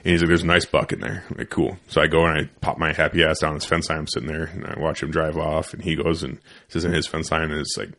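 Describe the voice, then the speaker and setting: A man's voice: rumbling low, flat delivery, fast, vocal fry, bright, forceful tone. A young man hosting a podcast, telling a loose, profane, rambling story in a casual studio chat. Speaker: podcast host.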